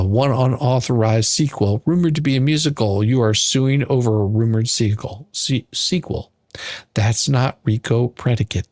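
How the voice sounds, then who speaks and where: A man tears into an absurd lawsuit with theatrical, mock-outraged sarcasm. His voice sits at an ordinary middle pitch and comes across dry and close to the mic. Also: no room sound. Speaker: commentary channel host. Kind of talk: comedic mock-legal rant.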